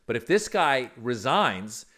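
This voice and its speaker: Animated, sarcastic male comic host. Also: slow pace. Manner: animated, sarcastic, swinging pitch. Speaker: comedian commentary host. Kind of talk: comic political commentary.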